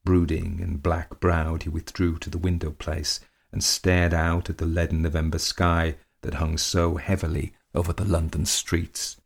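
A man reading a classic short story aloud in a measured, unhurried way. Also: sits low, little pitch movement, creaky, breathy edge. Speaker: narrator.

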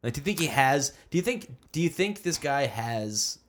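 Man, podcast co-host, casual, rambling, halting, joking. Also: medium pitch, very animated. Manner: rambling, searching for words, joking. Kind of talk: casual chat.

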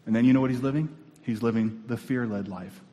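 A male pastor preaching a sermon, animated and calling out to his congregation. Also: medium pitch, brisk. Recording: long reverb in a church hall.

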